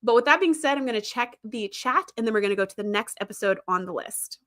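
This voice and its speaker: A woman's voice: a little high, animated, fast, a bit bright. A woman hosting a casual livestream, chatting and laughing as she retells scenes and reads the chat. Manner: chatty, laughs often, acts out quoted lines. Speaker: host reading live chat.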